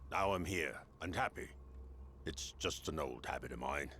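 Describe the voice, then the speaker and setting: A bitter village blacksmith, growls in a cavernous low register with a hard, forceful edge. He brushes off his grudges in a grumbling game-character manner. A faint bed of game ambience sits underneath. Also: normal speed, slight background noise. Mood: brooding. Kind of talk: video game voice acting.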